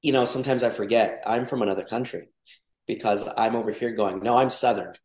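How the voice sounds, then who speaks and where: A man's voice: fairly low pitch, fairly even intonation, brisk, a little mellow. A man from Mexico chatting casually as a podcast guest, wandering through thoughts with lots of restarts and fillers. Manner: rambling, many restarts and fillers. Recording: roomy echo.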